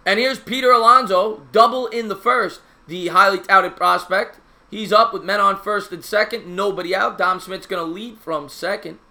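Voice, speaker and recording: A man calling a baseball game play by play on his live stream, chatting with viewers in a casual, slangy, excitable way. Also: sits high, normal speed, vocal fry.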